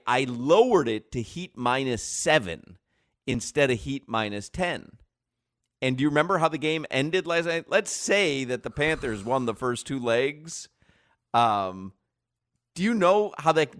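A man hosting a sports talk radio show, telling rambling stories in an animated way and laughing often, on a close studio mic. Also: mid-range voice, dry recording.

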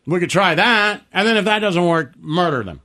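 A man's voice: high-pitched, normal speed. A man co-hosting a talk show, making sarcastic remarks in casual banter. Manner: sarcastic, lively delivery. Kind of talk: casual chat.

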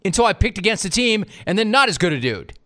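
A man's voice: sits high, sing-song, fast, bright, forceful tone. A man hosting a casual sports talk show, wry and conversational, teasing his co-host.

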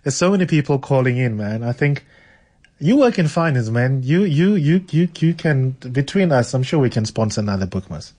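A man's voice: medium pitch, very animated, normal speed, darkish tone. A man hosting a radio show, chatting with callers and his guest, often repeating words as he thinks aloud. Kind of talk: casual radio chat and book reading.

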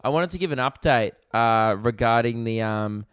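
A young Australian man, a comedian and podcast host, telling stories in an animated, rambling way with plenty of swearing, in a casual chat recorded in a rented apartment. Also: medium pitch, moderate pace, smooth, no echo, clean studio sound. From Victoria, Australia.

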